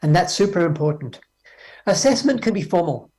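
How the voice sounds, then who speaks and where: An Australian man giving a conference keynote on education, talking lively and acting out exchanges with teachers. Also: sits high, moderate pace. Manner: lively, acts out dialogues with teachers. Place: speaking remotely from Australia.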